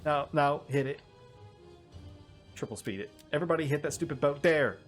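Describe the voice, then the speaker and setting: A man giving casual gameplay commentary, animated and often laughing, exasperated at the game's behavior. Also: fairly high pitch, moderate pace, soft background music. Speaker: gaming YouTuber.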